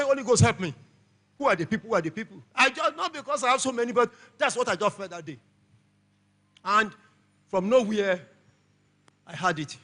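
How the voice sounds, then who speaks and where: High, bright-voiced Nigerian preacher. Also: male voice. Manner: shouting, call-and-response preaching. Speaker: pastor. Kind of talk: sermon. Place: church.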